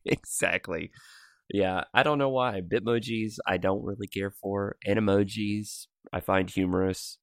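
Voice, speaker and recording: A man's voice: lowish voice, fairly even intonation, measured pace, gravelly, no echo, studio quality. A man in his thirties co-hosting a casual podcast, rambling with frequent laughs into a pop-filtered mic. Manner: laughs often, rambling asides. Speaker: podcast co-host.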